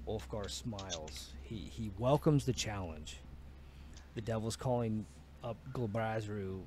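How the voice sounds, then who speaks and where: Low-voiced man running a tabletop game. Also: darkish tone, slight background noise. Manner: casual, profane storytelling with filler words. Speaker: dungeon master.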